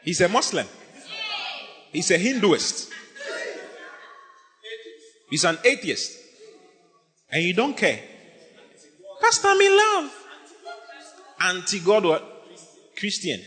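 A man preaching from the pulpit, his pitch leaping up and down as he shouts and jokes. His tone is bright and ringing, and a long reverb trails every phrase in the big church hall. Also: a little slow, long pauses. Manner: animated, emphatic, often shouting and laughing. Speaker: pastor. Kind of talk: sermon.

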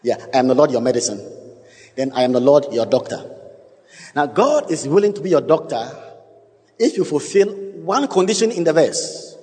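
A man preaching a sermon, emphatic and quizzing his congregation, with sudden leaps in pitch. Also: expressive, moderate pace, dark tone. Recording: long hall reverb.

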